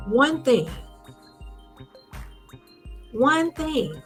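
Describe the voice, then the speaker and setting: A woman hosting an inspirational talk, speaking gently and encouragingly straight to her listeners. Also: sits high, big pitch swings, drawn-out words, faint music behind. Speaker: host.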